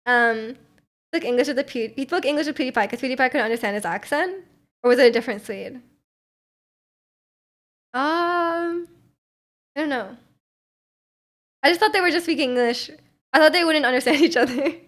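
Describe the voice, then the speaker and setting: A young woman from North America with a slightly high voice chats on her livestream. She rambles, laughs easily and fills every gap with little fillers, just hanging out with viewers. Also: moderate pace, long pauses, a bit bright. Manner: rambling, filler-heavy, giggly. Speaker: livestream host. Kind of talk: casual stream chat.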